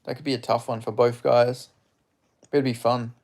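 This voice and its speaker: A young man talks through a live fight on stream in a casual, off-the-cuff way. His voice has a gravelly, creaky edge at a middling pitch. He reacts to the action, answers his viewers and swears without holding back. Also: little pitch movement, moderate pace, a little mellow. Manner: chatty, reacting to strikes, reading viewer chat aloud; blunt, swears freely. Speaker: streamer hosting a live fight watch-along.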